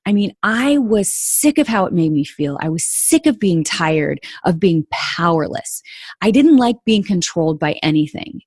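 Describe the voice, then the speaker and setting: This podcast host has a medium-pitched, slightly rough voice. Earnest and confiding, she tells her listeners a personal story directly, referring to them as "you guys," in a studio-quality recording free of room sound.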